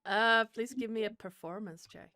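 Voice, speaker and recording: A woman's voice: a little high, normal speed, pushed and bright, no room sound, studio quality. A woman running a tabletop game as game master, talking in an easygoing, chuckling way.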